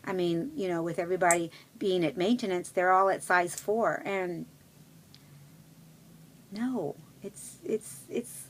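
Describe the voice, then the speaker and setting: A woman's voice: fairly low pitch, measured pace. A middle-aged woman talking to her viewers in a casual personal vlog, chatty and rambling, with many fillers and restarts. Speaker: vlogger.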